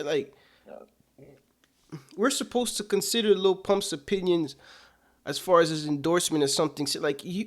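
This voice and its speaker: Male commentator, higher pitch, casual and indignant, rhetorical questions. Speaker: political commentator.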